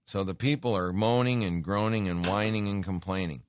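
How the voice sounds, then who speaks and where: A man's voice: low-pitched, moderate pace, slight background noise. A man preaching a sermon, reading scripture aloud and exhorting his listeners in an emphatic, direct way.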